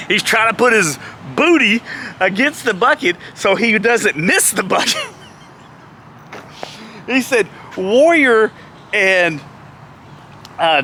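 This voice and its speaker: A man's voice: high-pitched, sharp tone, a little hiss or hum. A man in a casual vlog telling a funny road story, laughing often as he talks.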